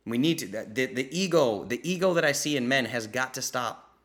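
A man with a bright, forward voice hosts a live question-and-answer session. He talks bluntly and gets fired up, throwing in swear words for emphasis. He mimics the people he talks about in quoted voices. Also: medium pitch, animated, a little fast. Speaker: podcast host answering listener questions. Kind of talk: live Q&A chat.

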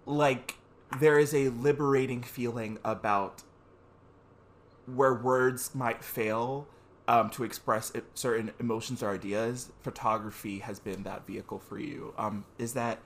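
A man's voice: mid-range voice, fairly even intonation, normal speed, slight background noise. A man hosting a reflective conversation, thoughtfully summing up and rephrasing what his guest says. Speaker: host.

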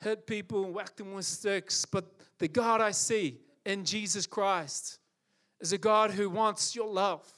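Impassioned high-voiced male preacher. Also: fairly even intonation, a little slow, fairly bright tone. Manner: impassioned, repetitive and emphatic. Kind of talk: sermon.

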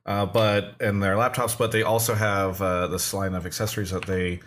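Rambling male talk-show host, lowish voice. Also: flat delivery, moderate pace, a bit bright. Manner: rambling, restarts often, many fillers. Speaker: podcast host. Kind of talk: casual livestream talk show.

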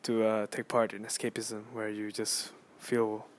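Rambling, excitable young man podcasting. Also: fairly low pitch, measured pace. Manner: rambling and excitable, many fillers and restarts. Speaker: podcast host. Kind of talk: casual solo podcast storytelling. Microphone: phone.

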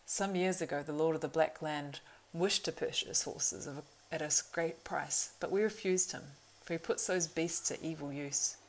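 Brief: proud young male horse-lord, as a woman reads him; earnest, urgent; low, gravelly voice. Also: normal speed, hardly any pauses, slight background noise, poor audio. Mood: bitter, wary. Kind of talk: audiobook reading.

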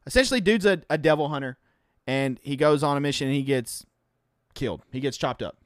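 Man, podcast co-host, casual chat, slightly high voice, dry sound. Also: a little fast, no room sound. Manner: animated, exaggerated storytelling. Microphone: podcast mic.

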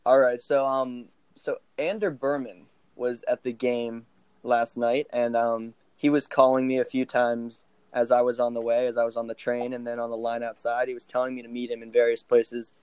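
A man's voice: medium pitch, little pitch movement, normal speed, a little mellow, clear, resonant tone, no echo, low-quality recording. A young man, a podcast guest, telling a casual story with many fillers and laughs as he goes.

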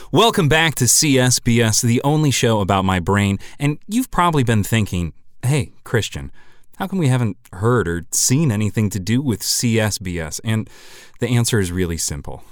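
Deadpan man hosting a comedy podcast. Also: medium pitch, clean tone, no room sound, studio quality. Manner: deadpan, swings into loud mock-indignant bursts. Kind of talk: scripted comedic monologue.

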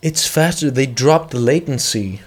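A man chatting casually as co-host of a tech podcast. He rambles, makes jokes and often drops a sentence halfway to start another. His voice sits at an ordinary middle pitch. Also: unhurried. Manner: joking, rambling, trails off mid-sentence. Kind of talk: casual chat.

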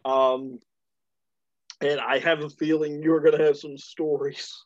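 A man's voice: fairly high pitch, little pitch movement, unhurried, no room sound. A man chatting casually, laughing and swearing as he rambles along with plenty of fillers. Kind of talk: casual chat. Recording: dull lo-fi recording.

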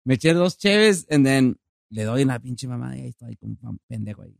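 A man's voice: mid-range voice, lively intonation, racing, gravelly, no room sound, studio quality. A man telling a story in casual chat, switching between English and Spanish mid-sentence and laughing a lot. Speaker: podcast host.

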